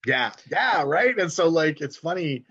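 A man's voice: a little slow, husky, dry recording, lo-fi sound. A man, telling stories in a casual conversation with many restarts. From South Texas. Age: 40s. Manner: animated, frequent restarts, jumps high when imitating relatives. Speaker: poet guest.

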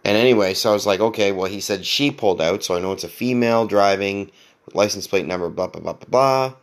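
A podcast host with a fairly low voice speaks fast, telling a long story casually. He rambles and swears a lot, restarts often, mocks himself and laughs frequently.

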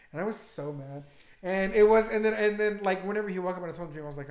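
A man's voice: high-pitched, very fast, a little mellow. A young man co-hosting a podcast in casual chat, telling stories in a rambling, stammering way and swearing freely. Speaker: podcast co-host. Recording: echoey room.

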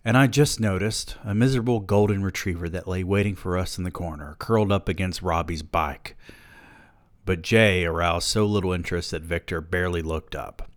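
A man's voice: low voice, normal speed, no room sound. A man reading a novel aloud on a podcast, with dry, profane, sardonic asides.

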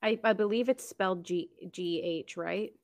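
A woman at a middle pitch co-hosts a podcast in easygoing talk. She swears casually and laughs along with her partner. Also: normal speed, darkish tone.

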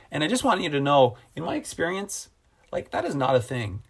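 A man preaching a sermon as a pastor, earnest and repeating phrases for emphasis, slowing down on key lines. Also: a little high, big pitch swings, creaky, breathy edge.

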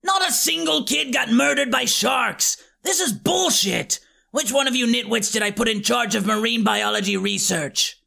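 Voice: mid-range voice, normal speed, vocal fry, pushed and bright, exaggerated voice. A narrator voicing a cruel, foul-mouthed female witch villain in an audiobook, crude and bossy. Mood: furious.

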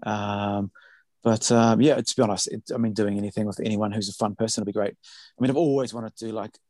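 A man's voice: lowish voice, fairly even intonation, fairly quick, a little mellow, no room sound. A man, a music producer, talking in a rambling casual podcast chat full of fillers.

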